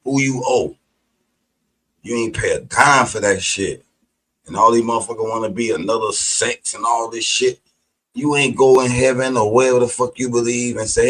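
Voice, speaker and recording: A man delivering a heated, profane, preachy monologue, combative in tone and breaking into sudden shouted outbursts. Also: mid-range voice, moderate pace, low-quality recording.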